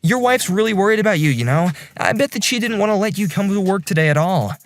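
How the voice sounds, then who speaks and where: A man voicing a calm, considerate section chief who narrates and talks in a reassuring, apologetic way. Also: high voice, fast talker, no room sound. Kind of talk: first-person story narration in a dubbed animation.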